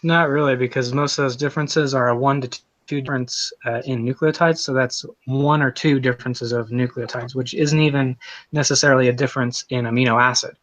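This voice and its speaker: A man's voice: mid-range voice, fairly bright tone, no echo. A man in a debate, explaining in technical detail.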